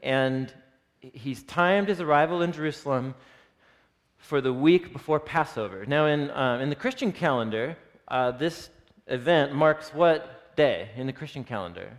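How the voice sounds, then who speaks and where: A man's voice: mid-range voice, a little slow. A man teaching scripture to a live group, reading passages aloud, explaining them, and asking the audience questions. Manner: animated, asks the audience questions. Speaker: Bible teacher. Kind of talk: interactive Bible teaching. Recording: long reverb of a hall.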